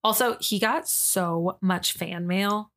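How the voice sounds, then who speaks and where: A woman's voice: medium pitch, slow pace, a bit bright. A woman co-hosting a true-crime podcast, reading case details in a casual way and adding blunt, disgusted opinions. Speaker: podcast co-host.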